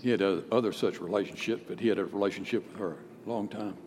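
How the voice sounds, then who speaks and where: A male pastor preaching a sermon, emphatic, swinging between loud declarations and hushed storytelling. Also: on the low side, fast talker. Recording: long hall reverb with faint background noise.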